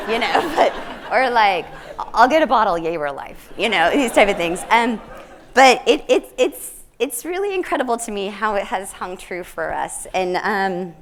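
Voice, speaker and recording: A woman in her thirties lectures to a live audience in a large hall, speaking earnestly and thoughtfully. Her pitch sits in an ordinary middle range for a woman. She often turns to her listeners to check that they are following her. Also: a little hiss or hum. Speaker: nursing lecturer.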